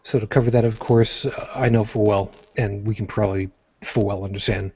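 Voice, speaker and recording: A rambling podcast host from Brooklyn talks in a New York accent, full of fillers and self-corrections. His voice is dark and mellow. The audio sounds dull and lo-fi. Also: lowish voice, steady tone, brisk, breathy edge. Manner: rambling, jokey, with frequent fillers and restarts. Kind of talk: casual chat.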